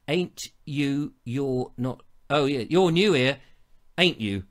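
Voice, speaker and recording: A man's voice: mid-range voice, animated, takes it slowly. A middle-aged man, hosting a live online show and telling stories in a chatty, theatrical way. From England. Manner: chatty, theatrical storytelling with playful asides. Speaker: show host. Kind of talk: casual live-stream chat.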